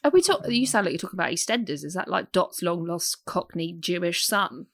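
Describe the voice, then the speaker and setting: A woman, co-hosting a casual chat about a TV show, animated and quick with asides. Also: lowish voice, creaky, no room sound, clean studio sound. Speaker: podcast co-host.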